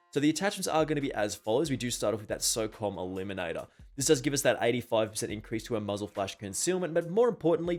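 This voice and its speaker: A man hosting a gaming channel, giving a brisk voice-over guide to weapon loadouts and often repeating stock phrases. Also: mid-range voice. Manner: brisk, repeats filler phrases like "just keep that in mind".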